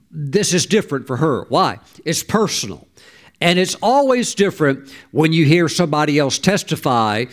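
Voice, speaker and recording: A middle-aged male pastor preaching a sermon, telling stories expressively and reading scripture aloud. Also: a little high.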